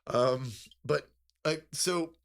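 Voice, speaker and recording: A man's voice: on the high side, drawn-out words, creaky. A man co-hosting a podcast in casual chat, rambling and profane, laughing often. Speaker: podcast co-host.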